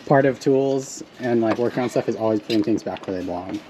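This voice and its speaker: A man's voice: lowish voice, fast talker, dark tone, a little hiss or hum. A man in a casual how-to vlog, explaining step by step with fillers while working on a truck in a driveway outdoors.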